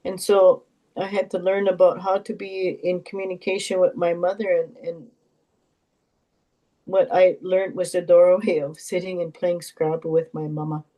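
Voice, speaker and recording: An older woman, an Elder from Canada, sharing heartfelt stories and teachings in a gentle, reflective way with pauses and repetitions. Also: on the low side, flat delivery, poor audio. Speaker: Elder and knowledge keeper.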